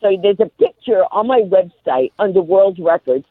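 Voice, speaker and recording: A woman guest, a comedian and motivational speaker, telling a comic story at a rapid-fire clip on live radio and acting out the voices of the people in it. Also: medium pitch, no echo. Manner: rapid-fire, animated, acts out quoted voices. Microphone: phone. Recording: tinny phone line.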